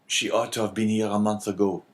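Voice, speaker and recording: A proud old merchant at the end of his luck speaks gravely and with quiet sorrow, as a male audiobook reader puts him on. The voice is fairly low and steady, resigned rather than loud. It is a storybook reading, plainly told. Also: brisk, lightly acted. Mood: mournful. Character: older male merchant facing ruin, dignified and mournful.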